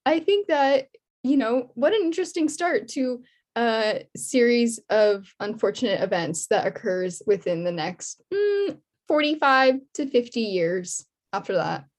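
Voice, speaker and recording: A young woman talking casually as a podcast co-host. Her voice sits a bit high, and she rambles through her points with lots of fillers and laughter. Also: expressive, unhurried. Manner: chatty, many fillers and laughs. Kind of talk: casual chat.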